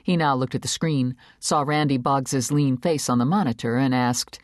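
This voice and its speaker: A woman narrating an audiobook in an expressive, measured storytelling manner on a studio microphone. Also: rumbling low, dry recording. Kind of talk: scripted narration.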